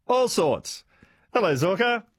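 A man hosts a radio call-in show, his voice husky and very animated as he chats and laughs with callers. The sound is close and dry. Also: high-pitched, takes it slowly, dry recording. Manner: warm, laughing, chatty with callers. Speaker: radio host. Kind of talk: talkback radio chat.

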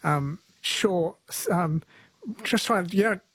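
A woman's voice: fairly low pitch, takes it slowly, husky, no echo. Woman, talkback host, conversational, dry studio mic. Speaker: radio host. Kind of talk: hosting a talkback radio show.

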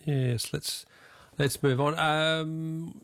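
Gravelly radio host. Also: male voice, on the high side, drawn-out words, no room sound. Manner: relaxed, affable, brief prompts. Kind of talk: radio call-in chat.

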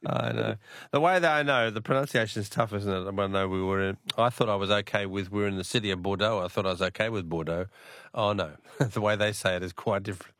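A man's voice: fairly low pitch, quick pace, a bit bright, no echo, clean studio sound. An Australian man hosting a talkback radio quiz, chatting and laughing easily with callers.

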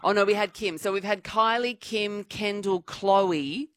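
A woman's voice: mid-range voice, measured pace, noisy background. An Australian woman hosting a live radio quiz, chatty and playful, laughing often. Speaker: radio host. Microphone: studio microphone.

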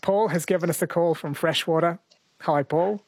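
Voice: mid-range voice, moderate pace, noisy background. A radio co-host chatting casually with a dry, joking manner. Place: radio studio.

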